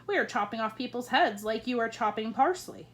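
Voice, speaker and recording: A woman's voice: a little high, lively intonation, a little fast, lightly acted. A woman reading aloud, voicing a blunt, matter-of-fact male sultan.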